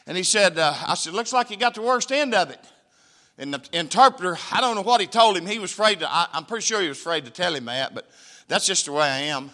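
Folksy preacher man, bright-voiced. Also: high voice, animated, fast. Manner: folksy storytelling, preacherly emphasis. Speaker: missionary preacher. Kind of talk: testimony sermon with slideshow. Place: church sanctuary.

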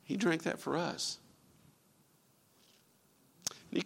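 A man preaching a sermon, quoting scripture and swinging from loud, ringing lines to hushed ones. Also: a little high, animated, fast talker, gravelly, few pauses, in a large hall.

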